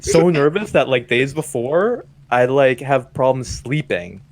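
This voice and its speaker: Animated young man chatting casually. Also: mid-range voice, measured pace. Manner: animated, reflective, frequent "like" fillers. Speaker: podcast co-host. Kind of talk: casual chat.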